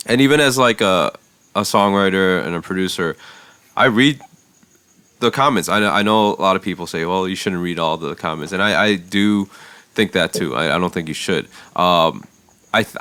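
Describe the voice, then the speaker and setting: A man with a low, clear, resonant voice talks through a story in easygoing podcast chat. He leans on fillers and restarts as he goes. The sound is close and dry. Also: normal speed, pushed and bright, no room sound. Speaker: podcast co-host, songwriter and producer.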